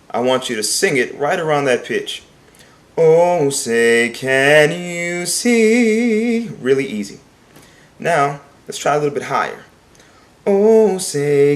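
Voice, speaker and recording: Earnest male vocal coach, mid pitch. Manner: talks plainly and sings short demonstration phrases; earnest, repeats points for emphasis. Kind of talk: singing lesson.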